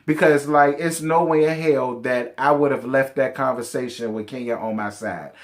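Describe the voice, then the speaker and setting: A man's voice: mid-range voice, fairly even intonation, normal speed. Sassy, blunt man recapping reality TV. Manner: sassy, blunt, profane, addresses cast members directly. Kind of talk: casual reality show recap commentary.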